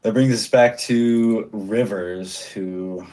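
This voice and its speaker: A man's voice: fairly low pitch, fairly even intonation, takes it slowly, dark tone. A man narrating a tabletop role-playing game as game master, casual and playful, often chuckling.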